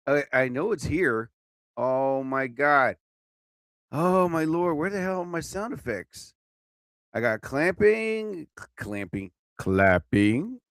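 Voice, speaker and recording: A man's voice: fairly high pitch, expressive, takes it slowly, fairly bright tone, no room sound, studio quality. A young man hosting a casual live-stream show, rambling and joking, swearing often as he fumbles with his sound effects. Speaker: host.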